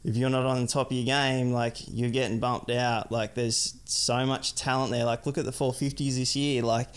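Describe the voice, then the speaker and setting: This podcast guest, a young adult man, has a clear, resonant, medium-pitched voice with a flat delivery at a moderate pace. His casual chat wanders, and "like" crops up constantly.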